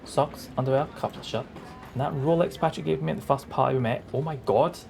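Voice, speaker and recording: A man's voice: mid-range voice, quick pace, gravelly. A man streaming a game, chatting in an upbeat, casual way and reading text aloud. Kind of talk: casual gaming commentary. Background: game music.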